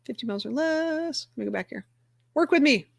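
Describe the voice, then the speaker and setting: Upbeat woman host, a touch high-pitched, casual and chatty, talking viewers through her screen. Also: expressive, brisk, vocal fry, dry recording, studio quality. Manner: chatty and upbeat, narrating her clicks aloud. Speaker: livestream host for a dog rescue community. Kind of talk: casual livestream chat while sharing her screen.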